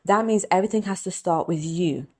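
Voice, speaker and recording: A young adult woman hypnotist and coach giving an earnest, repetitive motivational talk that turns softly emotional when she prays aloud. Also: fairly low pitch, fairly quick.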